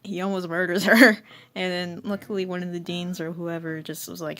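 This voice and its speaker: A woman's voice: fairly low pitch, little pitch movement, normal speed, a bit bright. Rambling, giggly woman. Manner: rambling, giggly, self-mocking. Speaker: channel host. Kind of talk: casual commentary reading an old comic.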